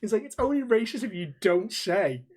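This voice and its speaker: A man's voice: high-pitched, sing-song, brisk, husky. A man hosting a podcast, teasing his co-host in casual, unfiltered banter and laughing often.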